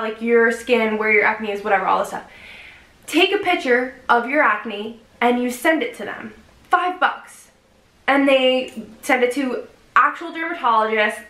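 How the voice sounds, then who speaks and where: Bright-voiced young woman vlogging, echoey. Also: on the high side. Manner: chatty and expressive, many "like" fillers. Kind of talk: casual chatty vlog.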